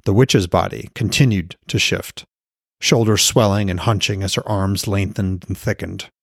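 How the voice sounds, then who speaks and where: A man narrating his own fantasy novel aloud in a steady, scripted audiobook reading. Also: low-pitched, moderate pace, vocal fry, dry recording, clean studio sound. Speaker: author and podcast narrator.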